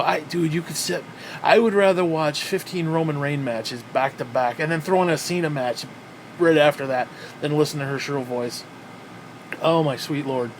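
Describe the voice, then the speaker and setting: A man's voice: a little high, slight background noise. A man ranting in a wrestling review, profane and exasperated, with frequent sighs.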